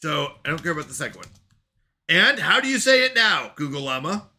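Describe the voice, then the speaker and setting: A man hosting a casual live stream, excitable and quick to laugh, exclaiming at his own mistakes. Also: a little high.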